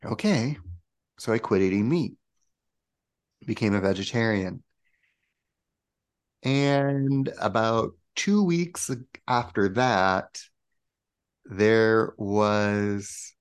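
A man being interviewed as a spiritual coach, telling a personal story in a casual, animated way and acting out the voices he quotes. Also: fairly low pitch. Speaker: guest, spiritual coach and channel.

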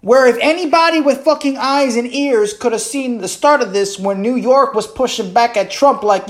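A woman with a slightly raised pitch rants alone into her podcast mic. Her talk is loose and profane, full of sarcasm and rhetorical questions. She keeps circling back with quick asides to the listener. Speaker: podcast host. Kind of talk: solo podcast rant.

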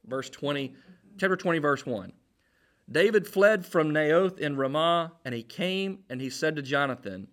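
Male preacher, slightly high voice, very lively pitch, playful storytelling sermon. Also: a little slow. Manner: animated, jokey storytelling with acted-out quotes.

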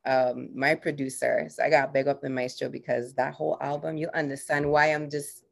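Low gravelly woman, excitable podcast co-host, laughs a lot. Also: fairly quick. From US Virgin Islands. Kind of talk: casual podcast chat.

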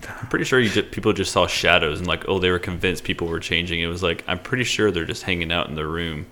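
A young man co-hosting a casual podcast with deadpan quips. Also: low voice, fast talker, slight background noise. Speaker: podcast co-host.

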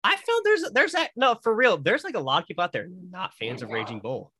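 A man's voice: high-pitched, big pitch swings, a little fast, sharp tone, no room sound. A man co-hosting a casual movie podcast, talking thoughtfully about films. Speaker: podcast co-host.

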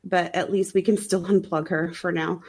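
Sounding slightly under the weather, this podcast co-host recaps a movie in casual, wry conversation punctuated by frequent laughs. Her voice is fairly low and darkish with a breathy edge, fairly even in intonation and moderate in pace.

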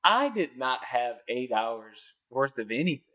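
Animated storytelling man, plain mid voice. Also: unhurried. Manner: animated, acts out quoted voices with big pitch jumps; laughs often mid-story. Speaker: podcast guest. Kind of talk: casual storytelling.

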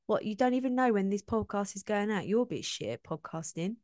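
A woman's voice: medium pitch, animated, brisk, dry recording, studio quality, lightly acted. A woman voicing a crude, scornful greasy female witch who embodies her imposter syndrome. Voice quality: loud, sweary and scornful.

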